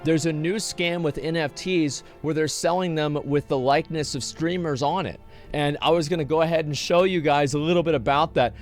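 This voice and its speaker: A man's voice: on the high side, steady tone, fairly quick, soft background music. A man streaming casually, reacting to a video with exasperated rants and many restarts. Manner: exasperated, ranting, lots of restarts.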